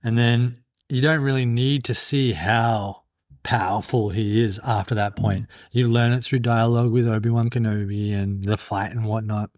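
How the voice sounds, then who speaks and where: A man co-hosting a podcast chats casually, eagerly going on at length about movie lore. His voice is medium-pitched and slightly mellow, with fairly even intonation and a moderate pace.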